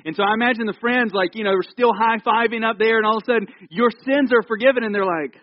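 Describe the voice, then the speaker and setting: High-voiced man preaching a chatty sermon. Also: rapid-fire, dry recording, dull audio. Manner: animated, jokey storytelling with asides. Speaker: pastor. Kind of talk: conversational sermon. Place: church.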